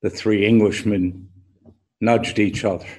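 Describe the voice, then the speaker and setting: A man delivering a sermon at a slow, measured pace, his voice slightly husky. He tells his story like an unhurried storyteller, letting deliberate pauses hang before moving on. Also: on the low side, fairly even intonation, darkish tone. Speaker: preacher. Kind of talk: sermon with a told joke.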